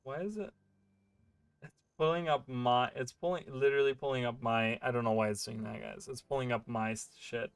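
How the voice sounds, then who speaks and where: A man's voice: mid-range voice, steady tone, a little fast, clear, resonant tone, no room sound. A man streaming a game and chatting casually, rambling with many fillers and restarts. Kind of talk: casual livestream chat while gaming.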